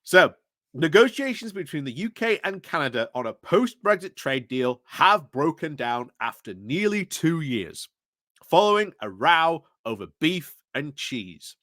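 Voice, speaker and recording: A man's voice: on the high side, sing-song, measured pace, fairly bright tone, no echo. Chatty man, wry and dry. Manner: chatty, wry, laughs often. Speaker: YouTube political commentator. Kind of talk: casual commentary.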